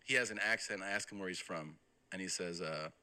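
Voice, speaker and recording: Deep-voiced man telling a wild story. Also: a little fast, clear, resonant tone. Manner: profane, animated storytelling that quotes others. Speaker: podcast guest. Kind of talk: casual anecdote.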